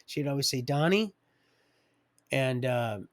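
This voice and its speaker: A man's voice: medium pitch, a little slow. A middle-aged man telling his own life story on a live stream, digressive and loose, chuckling as he goes. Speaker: livestream storyteller. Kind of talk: rambling personal storytelling.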